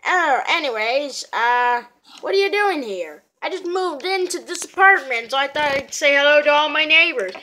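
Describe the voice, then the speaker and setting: A woman's voice: high voice, lively intonation, moderate pace, pushed and bright, a little hiss or hum. A woman with a sore throat doing playful, rambling voices in a homemade plush toy skit. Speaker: maker and voice of all the characters.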